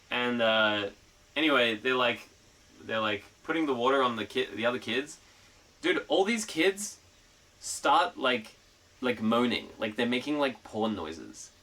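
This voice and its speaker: A man's voice: mid-range voice, a bit bright, distant mic, low-quality recording. A young man streaming a casual chat, rambling with lots of fillers and freely swearing.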